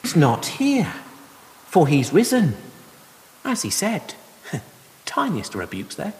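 Guy preaching gently, kinda high voice, echoey church hall sound. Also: big pitch swings, normal speed, long pauses. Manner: gentle, conversational explaining with soft laughs. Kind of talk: sermon. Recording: long reverb of a hall.

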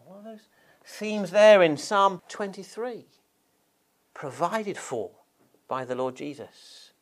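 Male preacher, expressive delivery with lively pitch, leans on key words. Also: slow pace, pauses often. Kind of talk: sermon.

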